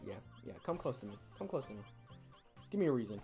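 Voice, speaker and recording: Young woman, gaming host, casual commentary, jokey and self-mocking, low pitch, lively intonation. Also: quick pace, faint music behind.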